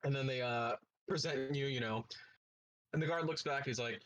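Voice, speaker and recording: A man as game master, narrating a tabletop role-playing game in a relaxed, casual way. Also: medium pitch, moderate pace, poor audio.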